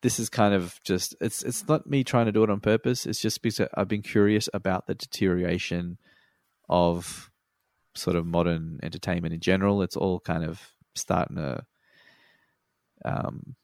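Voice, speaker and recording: A man's voice: sits low, fairly even intonation, moderate pace, darkish tone, no echo, studio quality. A laid-back Australian man in casual chat, swearing freely and laughing often.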